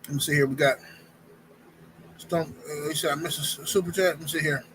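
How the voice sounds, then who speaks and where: Bright, high-voiced slangy man. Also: steady tone, fairly quick, slight background noise, low-quality recording. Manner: slangy, blunt, opinionated. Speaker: livestream host. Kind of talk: casual livestream commentary.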